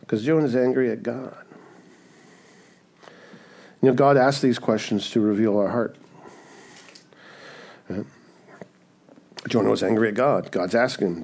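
A man's voice: mid-range voice, measured pace, creaky, long pauses, a little mellow, slightly rough. A man preaching a sermon in a conversational way, often asking "right?" and acting out the voices he quotes. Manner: acts out quoted voices in asides. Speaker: pastor.

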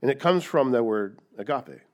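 Man, pastor, sermon, emphatic, rhetorical questions, repeats words, mid pitch. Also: animated, moderate pace. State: coughing, dry throat.

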